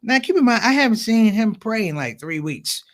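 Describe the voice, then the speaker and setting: A man doing stand-up comedy, telling stories as an animated storyteller with big voice swings. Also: high-pitched, moderate pace.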